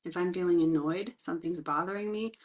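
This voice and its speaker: A middle-aged woman trainer, speaking in an earnest, reflective way about her own life and teaching skills, slowing down to stress key words. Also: fairly low pitch, darkish tone. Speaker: resilience trainer. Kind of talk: personal talk with teaching.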